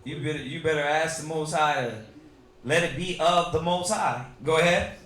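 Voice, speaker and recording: High-voiced man teaching scripture casually. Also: steady tone, moderate pace, a bit bright, roomy sound. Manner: loose, joking, street slang. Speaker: Bible study teacher.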